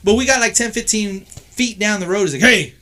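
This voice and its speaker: A man from Texas, a podcast guest, telling stories in casual chat: boisterous, profane, and often shouting. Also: high-pitched, a little fast.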